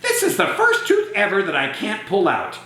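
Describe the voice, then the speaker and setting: A man voicing a silly, boastful female tooth fairy in a storybook read-aloud, squeaky and playful. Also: wildly swooping pitch, measured pace, sharp tone, heavily acted. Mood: amazed. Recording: very echoey room.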